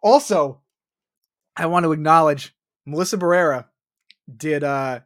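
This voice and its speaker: A man's voice: fairly high pitch, measured pace. A man co-hosting a podcast, ranting about a movie in casual chat, swearing often. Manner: profane, ranting, animated. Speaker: podcast co-host.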